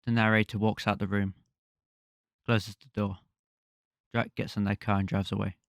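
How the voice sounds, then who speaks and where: A man's voice: lowish voice, level tone, moderate pace, creaky, no room sound, studio quality. A man co-hosting a podcast, thinking aloud in a rambling, casual way. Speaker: podcast co-host. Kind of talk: casual game discussion.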